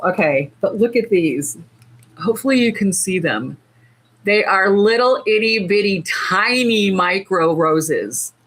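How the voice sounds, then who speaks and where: A woman's voice: lowish voice, a bit bright, husky, rough recording. A woman with a lilt hosting a casual livestream, chatty and bubbly, gushing and filling her talk with little asides. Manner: chatty and bubbly, many fillers, gushes over tiny things. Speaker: nail art livestream host. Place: indoors under lights.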